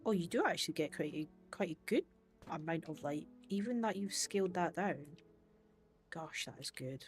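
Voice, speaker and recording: A woman streaming a game, chatting casually and thinking aloud, with sudden bursts of excitement. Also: on the low side, moderate pace, soft background music. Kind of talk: casual livestream commentary while playing.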